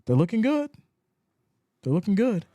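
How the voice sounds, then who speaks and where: Male stream host calling game plays; fairly high, animated, dry mic. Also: moderate pace, no echo. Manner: animated, rises in pitch when excited. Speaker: live stream play-by-play host. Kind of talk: play-by-play commentary with chat reading.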